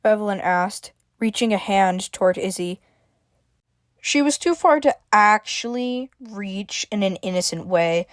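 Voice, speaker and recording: A woman's voice: medium pitch, unhurried, no echo, clean studio sound. A woman reading a scripted story aloud as narrator. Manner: reads dialogue with shifting emphasis, stammers for a frightened character.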